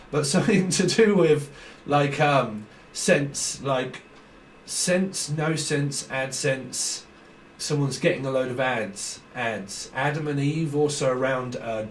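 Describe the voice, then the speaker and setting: Rambling British man reading tarot. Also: on the high side. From Britain. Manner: rambling, stream-of-consciousness, laughs often. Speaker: tarot reader. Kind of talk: casual tarot reading monologue. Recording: roomy echo, slightly distant mic, faint noise.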